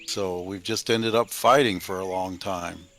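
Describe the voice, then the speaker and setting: A man's voice: low voice, fairly even intonation, unhurried, a bit bright, a little hiss or hum. A man playing a tabletop game, speaking politely and hesitantly in character. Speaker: player. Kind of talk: in-character role-play.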